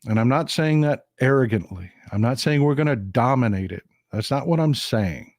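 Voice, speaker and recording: A man with a Texan drawl talks straight to his live-stream audience, pressing his points with emphatic repetition. His voice sits at an ordinary middle pitch. The sound is dry and close, with no room around it. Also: expressive, moderate pace, darkish tone, dry recording. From Texas. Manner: emphatic, repetitive, addresses viewers as folks. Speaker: live-stream political commentator. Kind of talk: casual political monologue.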